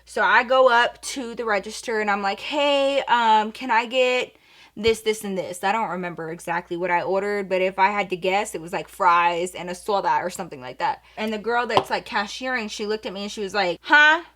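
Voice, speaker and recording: A woman in her twenties casually telling a story while doing her makeup, animated and slangy, swinging from hushed asides to loud bursts. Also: medium pitch, fairly quick, hardly any pauses. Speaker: vlogger.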